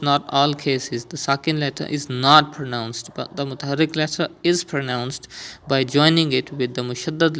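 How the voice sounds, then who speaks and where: Teaching beginners to read the Quran, this man has a medium-pitched, slightly bright, clean-toned voice. He walks through the rules one step at a time, patiently saying each sound slowly again and again for his students.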